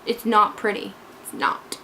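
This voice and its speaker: A woman's voice: mid-range voice, animated, measured pace, creaky, pushed and bright, soft background music. A woman talking through a book she loved in a casual vlog, gushing, scatterbrained and emotional as she jumps between parts. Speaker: book vlogger.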